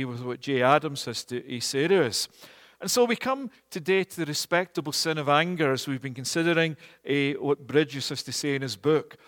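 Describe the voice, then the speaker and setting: A man preaching a sermon in a church, measured and earnest, often pausing on "eh". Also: fairly high pitch, fairly bright tone, big-room sound. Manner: measured and earnest, with frequent "eh" fillers. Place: church, also streamed online.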